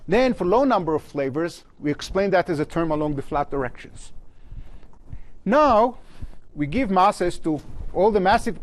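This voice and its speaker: A man giving a university physics lecture at a blackboard, his phrases often trailing off low at the end. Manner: lively pitch, trails off low at phrase ends. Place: lecture hall.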